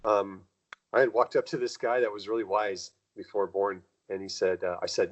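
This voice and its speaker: Low-voiced man telling rambling stories. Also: fast, muffled recording. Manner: rambling, acts out quoted dialogue with jumps in pitch. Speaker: guest. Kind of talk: casual conversational storytelling.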